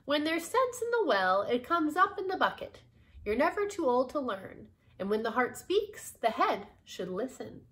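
A woman reading aloud, voicing a brisk, bossy old lady who talks in firm, emphatic proverbs. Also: high voice, very animated, a bit bright, voice pushed up. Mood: earnest.

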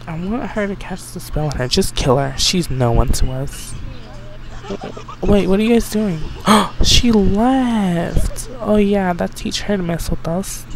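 A man giving excitable, chatty let's play commentary, bossing his game characters around. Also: on the high side, gravelly. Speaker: game streamer. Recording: noisy home recording.

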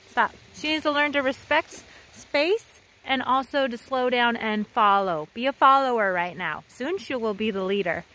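A woman's voice: high-pitched, a bit bright, slight background noise. A woman vlogging outdoors on a trail ride by a creek, talking playfully and cooing to her animals. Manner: cooing, playful talk to animals, frequent laughs. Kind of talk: casual vlog narration.

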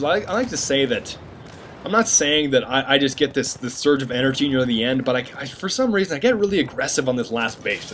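A man giving casual gameplay commentary, joking and rambling with animated asides to his viewers. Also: mid-range voice, slight background noise.

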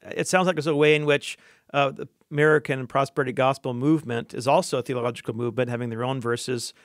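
A man's voice: mid-range voice, steady tone, fast talker, no echo, clean studio sound. A man hosting an interview, asking curious questions with many hesitations and fillers. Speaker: host.

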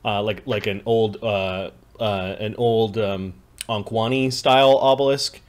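A man's voice: on the low side, steady tone, a little slow. A man narrating a tabletop game as game master, rambling with many fillers and restarts.

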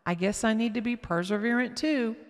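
A woman voicing a kind, patient teenage girl babysitter who explains things gently. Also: a little high, a little fast, natural voice. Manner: gently instructive. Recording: long echoing reverb.

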